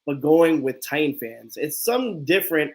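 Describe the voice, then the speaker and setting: A man's voice: on the high side, moderate pace. A man hosting a live stream, telling a story with lots of energy and acting out the quotes. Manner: animated storyteller, acts out quotes. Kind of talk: casual storytelling chat.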